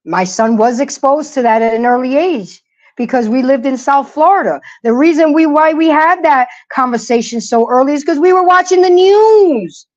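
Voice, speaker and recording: A woman's voice: sits high, lively intonation, moderate pace, a little mellow. A middle-aged woman hosting a casual livestream, talking emphatically and preaching to her viewers while greeting the chat. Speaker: livestream host. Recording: lo-fi dull audio.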